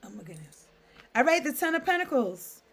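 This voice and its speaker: A woman's voice: high-pitched, big pitch swings, brisk, slightly rough. A woman giving a casual solo tarot reading, reading card meanings aloud and riffing with loose asides and frequent "okay?" check-ins. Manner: chatty, reads aloud then riffs with asides; frequent "okay?" and "I don't know" fillers. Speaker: tarot reader.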